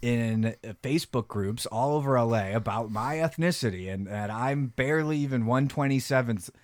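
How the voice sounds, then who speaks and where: A man's voice: medium pitch, normal speed, dry recording. A man guesting on a comedy podcast, ranting defensively in a rambling way. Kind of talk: improvised comedy character rant.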